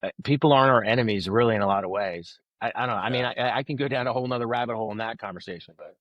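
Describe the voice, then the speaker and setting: A man's voice: mid-range voice, racing, highs cut off. A man telling a story as a podcast guest, acting out the voices of people he quotes. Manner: animated storyteller who acts out quoted voices. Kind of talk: conversational storytelling.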